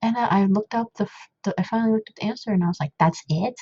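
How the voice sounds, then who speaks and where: A woman's voice: medium pitch, fairly even intonation, racing, dark tone, husky, no room sound, dull audio. A young woman at home casually talking through a coding problem, rambling with lots of fillers and self-deprecating asides. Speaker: coding tutor.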